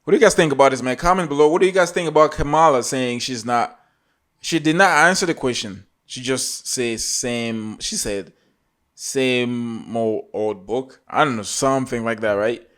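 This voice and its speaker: A man's voice: medium pitch, brisk, a bit bright. A man from Africa hosting a reaction video, talking in an emphatic, repetitive, preachy way. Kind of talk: casual reaction commentary.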